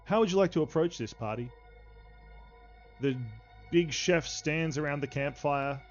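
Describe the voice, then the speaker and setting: With faint music in the background and slightly dull audio, a man runs a tabletop game as game master. He narrates in a fairly high pitch, full of halting fillers.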